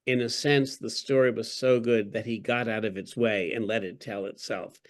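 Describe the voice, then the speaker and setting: A man's voice: fairly low pitch, steady tone, moderate pace. A man who is an author and a podcast guest, telling stories in an articulate, wry way during an interview. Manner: articulate, wry, storytelling, with chuckles.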